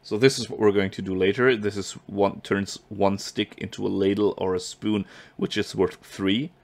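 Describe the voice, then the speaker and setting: A man's voice: lowish voice, level tone, moderate pace, creaky. A man hosting a let's play, chatting and thinking aloud as he plays. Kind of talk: game commentary.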